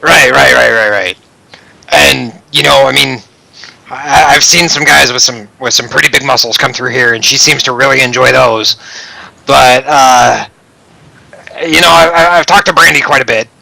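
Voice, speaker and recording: A man's voice: mid-range voice, moderate pace, gravelly, sharp tone, heavily acted, low-quality recording. A man voicing a nervous male bartender who stammers and repeats himself in a tabletop role-play game. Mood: gossipy.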